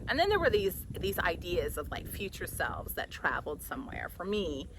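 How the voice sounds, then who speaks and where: A woman's voice: on the low side, sing-song, normal speed. A middle-aged woman, a mother who co-runs an animal sanctuary, talks in a casual, rambling and emotional way, full of restarts and small laughs. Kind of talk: casual conversational chat. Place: farm sanctuary. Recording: loud background noise.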